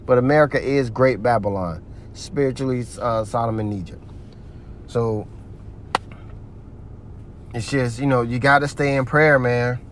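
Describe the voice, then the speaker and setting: A man's voice: medium pitch, unhurried, long pauses, slight background noise. A man giving heated religious commentary, ranting in a profane, preachy way.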